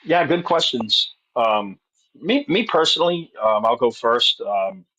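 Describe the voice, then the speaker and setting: Man, casual chat guest, calm, wry, dry humor, mid pitch. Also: measured pace, rough recording.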